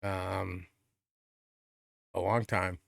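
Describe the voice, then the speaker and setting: A man co-hosting a podcast in easy casual chat. His voice sits on the low side and sounds close and dry. He rambles, restarts and swears freely. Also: level tone, very slow, creaky, dry recording. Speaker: podcast co-host.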